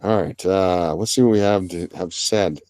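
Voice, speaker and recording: Sitting low in pitch with a darkish tone and no echo, a man talks at normal speed while hosting an easygoing art livestream. His style is rambling and joking, aimed at the chat and the artists, and self-deprecating.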